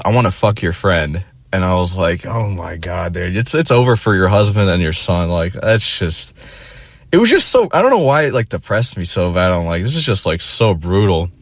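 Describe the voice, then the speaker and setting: A man's voice: low-pitched, no echo. A young man telling a rambling, profane story in a casual monologue, full of fillers and restarts. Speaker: vlogger.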